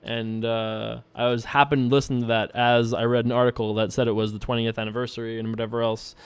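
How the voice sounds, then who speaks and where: Smooth-voiced young man, chatty poker streamer. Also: mid-range voice, flat delivery, fairly quick. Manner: chatty and loose, laughs often, swears casually. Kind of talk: casual commentary while playing online poker and reading viewer emails.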